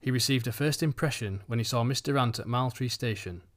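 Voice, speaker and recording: A man narrating a short story for an audiobook in an even, unhurried reading. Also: medium pitch. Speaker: audiobook reader.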